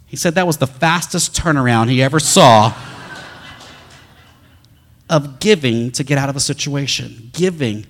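A man's voice: medium pitch, unhurried, pauses often, a bit bright. A man preaching a sermon, telling a story in a conversational way with frequent restarts.

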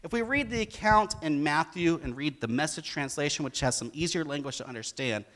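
A man's voice: a little high, a little fast. A middle-aged man preaching a sermon, telling stories and acting out the lines of the people in them with rising emphasis. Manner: animated storytelling, acts out quotes with rising emphasis. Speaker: pastor.

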